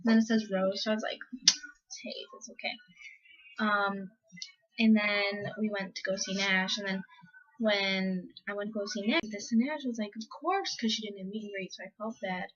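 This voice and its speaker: A teenage girl vlogs a casual story, chatty and full of "like" and "um," acting out the quotes she relays. Her voice is medium-pitched, steady and fairly bright at a normal pace, on slightly dull lo-fi audio.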